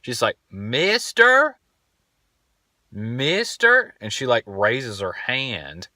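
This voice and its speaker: Young male host, loose rambling storyteller, slightly low voice. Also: lively intonation, measured pace, sharp tone, no echo, studio quality. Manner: laid-back, rambling, swears casually. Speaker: podcast host. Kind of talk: casual storytelling monologue.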